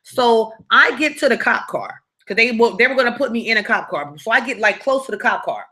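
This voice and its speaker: Animated, blunt woman telling a live story. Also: a little high, brisk. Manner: animated, blunt, profane, keeps asking "right?". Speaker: storyteller, channel host.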